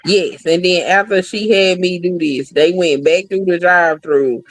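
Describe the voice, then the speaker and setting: A woman talking in a casual podcast chat, blunt and profane, telling animated stories. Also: on the low side, normal speed, no room sound, soft background music, poor audio.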